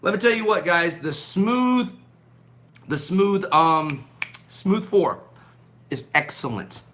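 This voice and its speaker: An upbeat man chats on a home live stream, calling out viewers by name with frequent ums and restarts. His voice sits high and sounds bright, with a slight scratchiness in the throat. He talks into a phone mounted on a gimbal. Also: lively intonation, slow pace, slight background noise. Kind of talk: casual live stream chat. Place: at home indoors.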